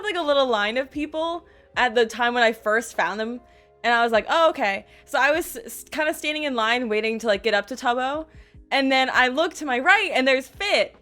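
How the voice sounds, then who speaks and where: A young woman vlogger telling a casual story in an excitable, self-deprecating way, acting out what people said. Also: high-pitched. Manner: excitable, self-deprecating, animated quoting with laughs.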